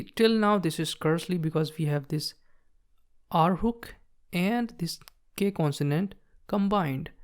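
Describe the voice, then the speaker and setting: Lowish woman teaching shorthand step by step. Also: darkish tone. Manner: patient, explains while writing, frequent "okay, so see". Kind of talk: step-by-step tutorial.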